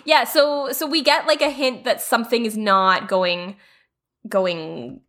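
A woman's voice: a little high, measured pace, fairly bright tone. A woman co-hosting a podcast, chatting casually about a TV episode with many fillers and laughs. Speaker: podcast co-host. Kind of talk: casual chat recapping a TV episode.

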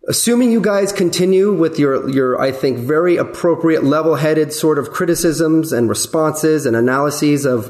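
A man who produces a podcast, speaking earnestly and in a measured way, with many ums and repeated words. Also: on the high side. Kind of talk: casual podcast discussion.

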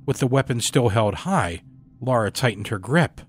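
A man reading a horror story aloud in a measured, dramatic storytelling delivery. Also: medium pitch, lively intonation, slightly rough, soft background music. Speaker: story narrator. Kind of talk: scripted horror narration.

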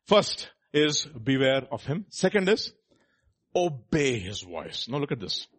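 A man's voice: mid-range voice, big pitch swings, unhurried, a bit bright, husky, dry recording. A man preaching a sermon, reading scripture aloud and pressing the listeners with rhetorical questions. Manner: reads scripture aloud between comments.

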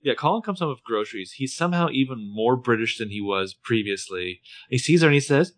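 A man's voice: mid-range voice, a little fast. A man co-hosting a podcast, casually recapping a TV episode and quoting characters. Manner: expressive, quotes characters in raised voices. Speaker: podcast co-host.

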